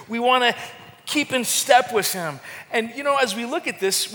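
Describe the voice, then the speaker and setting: High-voiced preacher in a reverberant hall. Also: male voice, sharp tone. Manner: impassioned preaching with repeated words and rising calls. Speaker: pastor. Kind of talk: sermon.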